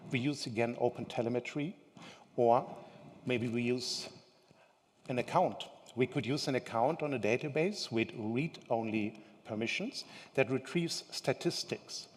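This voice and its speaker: A man presenting a technical conference talk in a conversational way, now and then asking the audience questions. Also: medium pitch. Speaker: conference speaker. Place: large conference hall. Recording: long hall reverb.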